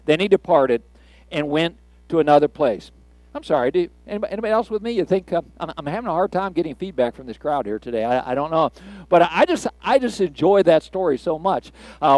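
An older man, a grandfather, preaching a sermon in a conversational, folksy way with halting restarts. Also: fairly high pitch, a little mellow, no echo.

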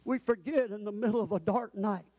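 A male preacher delivering a sermon in a shouting, sing-song cadence. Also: sits high, fairly quick.

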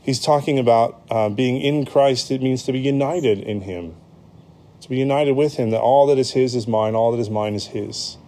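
A pastor with an American accent delivers a sermon in a relaxed, conversational way. His mid-pitched voice is warm and mellow rather than bright. He pauses on ums and corrects himself mid-sentence as he explains. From United States.

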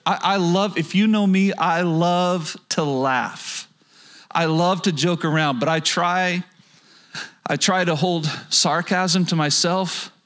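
A man's voice: sits high, fairly bright tone. A man preaching a sermon as pastor, earnest, with frequent stammered restarts and rhetorical questions to the audience.

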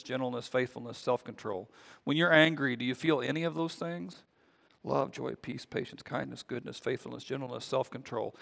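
A man's voice: mid-range voice, vocal fry, a bit bright. A man preaching a conversational sermon as pastor, often repeating words as he goes. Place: church sanctuary. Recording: long reverb of a church hall.

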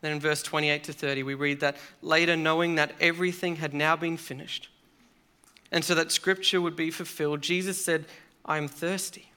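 A man preaching a sermon in an earnest, measured way with dramatic pauses. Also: on the high side, flat delivery, bright, forceful tone, smooth.

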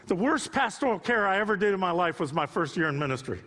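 A man in his sixties preaching a sermon off the cuff, moving from quiet storytelling to impassioned rising appeals. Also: high-pitched, big pitch swings, fast, big-room sound. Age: 60s. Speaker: pastor.

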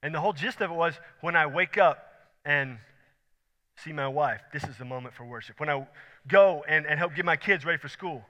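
A pastor preaching a sermon, emphatic, repeating key words and swinging between loud and soft. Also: male voice, fairly high pitch, moderate pace. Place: church sanctuary. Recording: long hall reverb.

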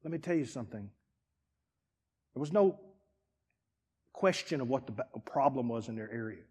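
A man preaching a sermon as pastor, dramatic, dropping to a hush and then rising to shouts. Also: mid-range voice, expressive, moderate pace, husky, long reverb tail. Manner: dramatic, swings from hushed to shouting.

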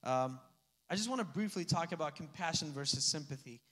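A man preaching a sermon in a conversational, animated way, with asides and light laughter. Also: fairly high pitch, brisk, big-room sound. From Slavic family background. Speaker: pastor.

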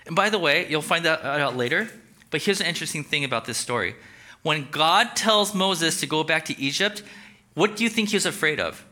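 A male pastor giving a conversational, animated sermon and asking the audience questions. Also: on the high side, fairly quick.

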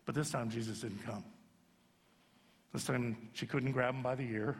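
A man pastor giving an animated, comic sermon in a church sanctuary. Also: medium pitch, fairly quick. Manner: animated storyteller, jumps into acted voices. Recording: long sanctuary reverb.

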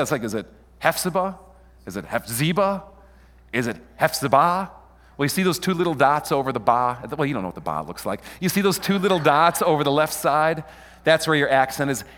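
Animated preacher in a reverberant hall. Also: male voice, on the high side, a little fast. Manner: animated, calls on the congregation to answer. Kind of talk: sermon.

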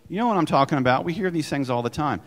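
A man's voice: on the high side, lively intonation, very fast. Emphatic male pastor in a reverberant hall. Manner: earnest, emphatic preaching with conversational asides. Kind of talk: sermon. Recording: long reverb of a church hall.

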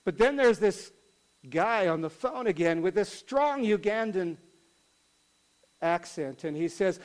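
A man with a high voice tells a sermon story. He keeps it conversational and animated, like a storyteller leaning into each turn of the tale. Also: unhurried, pauses often, rough recording. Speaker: pastor.

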